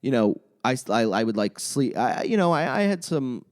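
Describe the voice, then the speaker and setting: A young man and comedian chatting casually as a podcast guest, telling an animated story and swearing a lot. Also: mid-range voice, brisk. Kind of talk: casual chat.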